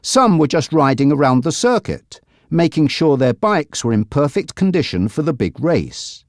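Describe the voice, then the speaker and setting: A narrator reading a simple storybook in a clear, measured way. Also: medium pitch, big pitch swings, no room sound, clean studio sound. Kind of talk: graded-reader audiobook narration.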